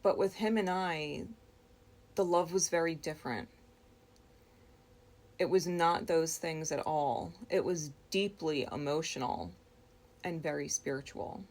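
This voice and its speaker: A woman slowly and reflectively recounting a dream, pausing often and restarting her words. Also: low voice, darkish tone. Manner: slow, reflective, with frequent pauses and restarts. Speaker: storyteller.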